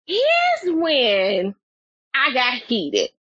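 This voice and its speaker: A woman telling a story as a podcast guest, animated and expressive, her voice climbing higher when she gets excited. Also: very slow, husky, no room sound, highs cut off. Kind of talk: animated storytelling in casual chat.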